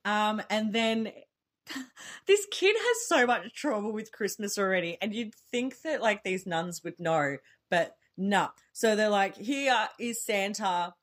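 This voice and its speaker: A woman's voice: mid-range voice, lively intonation, a little slow. A woman casually recapping a horror film as a podcast co-host, telling the story with a laid-back, joking manner. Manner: laid-back storytelling, reads from notes, frequent laughs. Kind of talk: casual movie recap chat.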